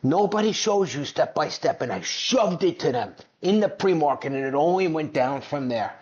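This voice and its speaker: A man's voice: a little high, animated, normal speed, a little mellow. A man giving brash, mocking commentary on finance clips, boastful and combative. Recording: dull lo-fi sound.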